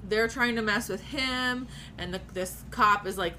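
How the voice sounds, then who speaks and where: A woman's voice: mid-range voice, measured pace, few pauses, pushed and bright, a little hiss or hum. A woman telling a personal story in casual chat, candid and profane, often laughing as she talks.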